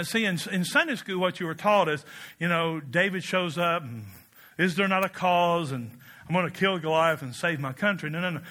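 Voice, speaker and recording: A man preaching a storytelling sermon in an animated, joking way, swinging up to excited shouts. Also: high-pitched.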